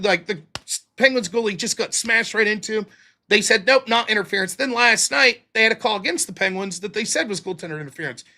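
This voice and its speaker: An American man rants on his political livestream, exasperated and swearing freely. His voice sits high and bright. It leaps around constantly as he argues. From United States. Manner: exasperated, profane, animated. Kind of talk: ranting commentary.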